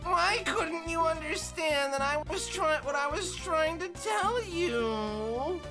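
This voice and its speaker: A woman voicing a whiny, elderly busybody woman in a drawn-out, nagging manner, reading game dialogue over game music. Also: very high-pitched, lively intonation, voice pushed up, exaggerated voice. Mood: complaining.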